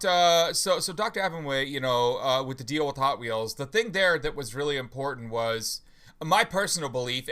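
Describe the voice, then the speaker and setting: A man hosting a live talk stream, chatting casually with many fillers and restarts, sleepy and yawning. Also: medium pitch. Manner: relaxed, rambling with many fillers. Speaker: host. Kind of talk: casual livestream chat.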